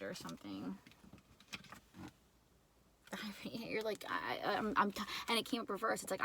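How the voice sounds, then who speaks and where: A woman with a New York accent giving a casual, rambling tarot reading, full of fillers and quick laughs. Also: fairly low pitch, very animated, creaky, noisy background. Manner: chatty, rambling, lots of "like" and laughs. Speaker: tarot reader.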